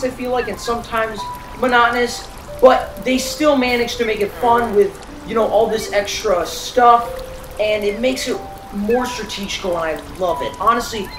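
A woman giving let's play commentary as a gamer, excitable and reacting aloud to every surprise. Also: medium pitch, background noise. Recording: roomy, distant mic with game music.

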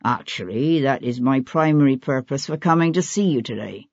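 A reader voicing a brash, smooth-talking gentleman who speaks politely but with insinuation, in an audiobook. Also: medium pitch, normal speed, no room sound, voice pushed down, lightly acted. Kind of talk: audiobook character voice. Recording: dull lo-fi audiobook recording.

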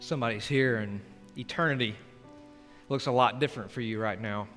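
A male pastor giving an altar call in a church, earnest and pleading, shifting between loud urging and hushed prayer. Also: medium pitch, a little fast. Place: church sanctuary. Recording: long church hall reverb with soft music.

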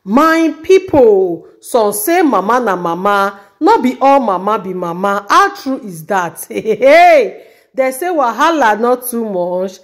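A woman's voice: on the high side, sing-song, slow pace. A woman host with a Nigerian Pidgin accent talks to her viewers in a chatty, preachy way. Her voice swings up and down a lot as she comments and prays aloud. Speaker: channel host. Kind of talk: casual commentary.

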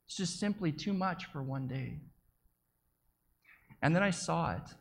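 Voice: medium pitch, expressive, unhurried, gravelly. A preacher telling a story in the first person as an eyewitness, vivid and dramatic, with small stumbles and repeated words.

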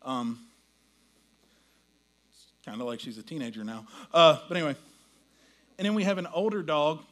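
A pastor preaches in a folksy, storytelling way, his voice bright and a little high for a man. He drops to near-whispers and then belts out quoted lines. A faint mains hum sits under the recording. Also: moderate pace. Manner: folksy storytelling, swings from hushed to loud acted quotes. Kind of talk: sermon.

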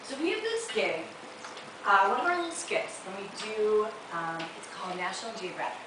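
A woman in her thirties from Chicago, doing chatty, animated stand-up on a theater stage. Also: medium pitch, brisk. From Chicago, USA. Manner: chatty, animated storyteller with frequent laughs. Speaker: stand-up comedian. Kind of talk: stand-up comedy. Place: theater stage with live audience. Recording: roomy theater, mic far off, audience noise.

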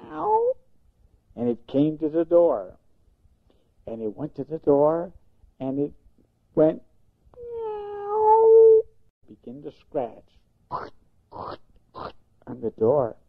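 An older man, a grandfather, slowly telling a gentle bedtime story in a singsong way. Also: on the high side. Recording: tinny phone-like sound.

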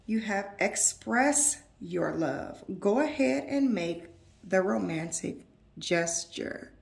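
A woman giving an intuitive tarot reading to her viewers, earnest and emotional, with slow, emphatic affirmations. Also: mid-range voice, lively intonation, vocal fry, echoey room. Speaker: tarot reader.

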